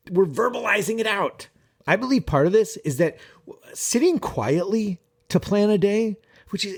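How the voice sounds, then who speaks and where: Guy productivity coach vlogging to camera, swears a lot, super animated and kinda high-pitched, talks right at you. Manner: animated, profane, talks straight to viewers. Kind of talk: casual vlog monologue.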